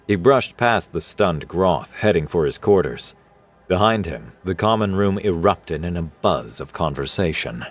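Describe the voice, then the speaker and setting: Male story narrator: deep, expressive, faint music bed. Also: a little slow. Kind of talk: scripted sci-fi story narration.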